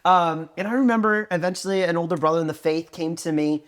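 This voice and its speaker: A man in his thirties co-hosting a faith podcast, telling a personal story in a lively way and acting out what others said. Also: a little high, fast, clean tone. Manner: animated storytelling, acting out quoted voices. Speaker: podcast co-host. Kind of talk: conversational testimony.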